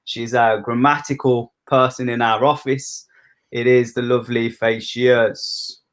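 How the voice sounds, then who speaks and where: A man's voice: medium pitch, level tone, unhurried. Jokey Brummie man hosting a stream. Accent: Birmingham. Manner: jokey, informal. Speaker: live stream host. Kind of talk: casual chatty presenting.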